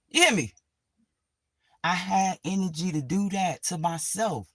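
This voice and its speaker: A woman's voice: on the low side, animated, unhurried, long pauses, no echo. A woman vlogger in a profane, sarcastic ranting monologue, full of dramatic asides.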